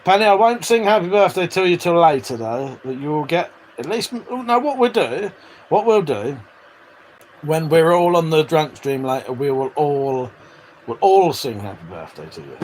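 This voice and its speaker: A man's voice: fairly high pitch, big pitch swings, moderate pace, darkish tone, a little hiss or hum, rough recording. Chatty man hosting a stream. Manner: chatty, swears freely, laughs often. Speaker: livestream host reading chat. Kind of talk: casual live-stream chat.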